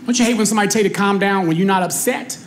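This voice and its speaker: A man performing stand-up comedy, telling an animated story to the crowd on a club stage. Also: high-pitched, rapid-fire, a little hiss or hum.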